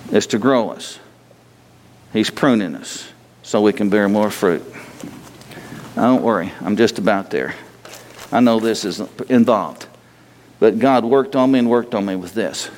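A man's voice: lowish voice, measured pace, long pauses, darkish tone, a little hiss or hum. A man preaching a sermon in a folksy, humorous way, with restarts and sudden bursts of emphasis. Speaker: pastor. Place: church sanctuary. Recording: long hall reverb.

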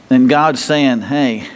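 Preaching with a big-room sound, this pastor keeps things folksy and chatty. He frequently questions his congregation and imitates people using a high-pitched, mocking voice.

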